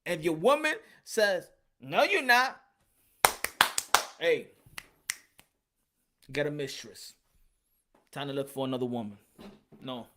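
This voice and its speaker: A man's voice: on the high side, very animated, a little slow, pauses often, noisy background. A male podcast host ranting in a casual, emphatic way, repeating his points and slipping into Spanish phrases. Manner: emphatic and repetitive, slips into Spanish. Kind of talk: casual rant.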